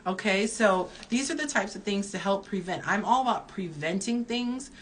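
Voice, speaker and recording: A woman's voice: medium pitch, animated, normal speed, a little hiss or hum. A woman in her early forties, a dating coach, giving candid advice in a chatty live-stream Q&A while reading viewer comments aloud. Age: early 40s.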